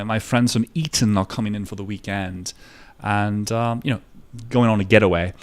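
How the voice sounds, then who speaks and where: A man putting on a posh gentleman with an airy, polite manner. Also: medium pitch, clear, resonant tone, natural voice. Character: posh upper-class English gentleman on a phone call.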